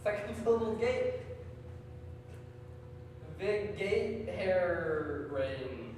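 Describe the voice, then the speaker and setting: A man's voice: high voice, expressive, drawn-out words, noisy background. A man performing live improv comedy, stammering and repeating himself as he tries out guesses in front of an audience. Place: large hall before an audience. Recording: echoey hall from far off.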